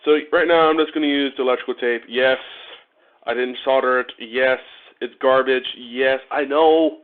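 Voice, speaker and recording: A medium-pitched man with fairly even intonation talks at a moderate pace. He's a motorcycle vlogger from Ohio, USA, wiring a motorcycle during a casual live stream, joking with viewers and laughing often over phone-like narrow-band audio.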